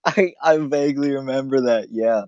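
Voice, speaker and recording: A man's voice: mid-range voice, moderate pace, a little mellow, no echo, lo-fi sound. A young man, a podcast co-host, chatting in a laid-back way, drawing out his memories and saying "dude" often. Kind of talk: casual chat.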